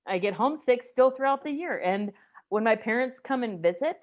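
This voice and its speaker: A woman in her forties from the United States, telling a personal story in a casual group chat, animated and emotional. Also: a little high, a little fast, phone-quality sound. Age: 40s.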